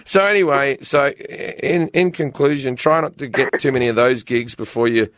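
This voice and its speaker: A man telling a long comic story on a podcast in a rambling, animated way, restarting his sentences often. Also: medium pitch, moderate pace, dry recording, clean studio sound. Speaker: guest comedian.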